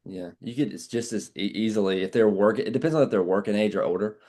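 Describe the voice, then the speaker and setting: A man leading an insurance sales team training, talking in a brash, animated way and swearing casually. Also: on the low side, fast.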